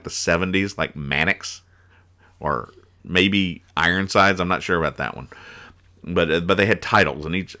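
A man hosting a comedy podcast who reviews comic strips in a loose, rambling way, full of sarcastic asides and chuckles. His voice is fairly low and has a bright, forceful edge. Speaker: podcast host.

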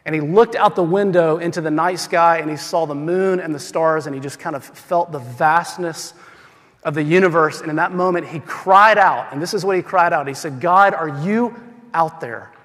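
A man preaching a sermon as pastor, swinging from loud emphatic lines to quiet, slow, intimate passages. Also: a little high. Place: church sanctuary. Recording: hall with long reverb.

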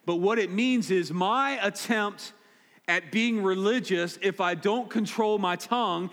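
A high, slightly bright male voice keeps a measured pace through a sermon. The pastor is direct and emphatic, repeats key points, and speaks in a church sanctuary captured with long hall reverb.

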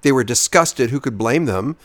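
Animated man in dry, close podcast audio. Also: medium pitch, moderate pace, no echo. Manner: animated, repeats himself for emphasis. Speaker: podcast co-host. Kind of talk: casual movie-review chat.

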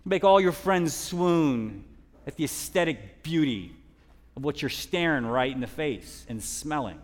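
A man preaching a sermon as a guest speaker, telling a story in a dynamic way that drops to hushed tones and rises for emphasis. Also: a little high, animated, measured pace, long reverb tail. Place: church hall.

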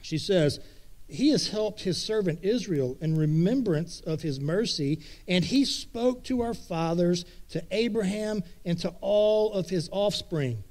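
A man preaching a sermon in a relaxed, conversational way, retelling scripture in everyday words. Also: sits high, unhurried. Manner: conversational, paraphrases scripture in casual speech. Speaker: pastor.

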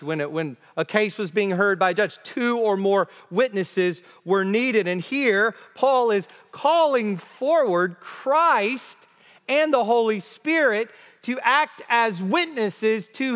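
Slow, high-voiced man preaching in a hall. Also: fairly bright tone, smooth. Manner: emphatic, deliberate, repeats key phrases. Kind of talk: expository sermon. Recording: long reverb of a large hall.

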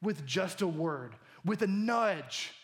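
A man in his thirties preaching a sermon, animated and jokey, acting out the lines he quotes. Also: sits high, slow pace. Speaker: pastor.

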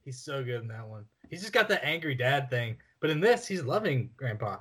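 A man's voice: mid-range voice, very animated, brisk, pushed and bright, husky. A man co-hosting a casual film podcast, enthusiastic and loose, calling his friend "dude" and "bro". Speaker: podcast co-host.

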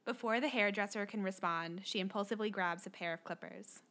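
A woman narrating stage directions in a soft, low-key, scripted way. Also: a little fast.

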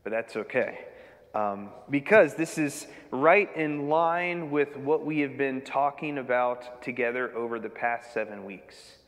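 Male pastor, sermon, measured scripture reading, dramatic emphasis, long hall reverb. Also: mid-range voice, fairly bright tone.

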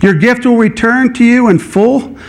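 Man, middle-aged pastor, high voice, animated conversational sermon. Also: moderate pace. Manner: animated, conversational preaching that acts out inner dialogue.

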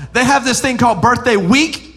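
A man in his thirties preaching a sermon as pastor, animated, swinging from loud preaching to hushed storytelling. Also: very high voice.

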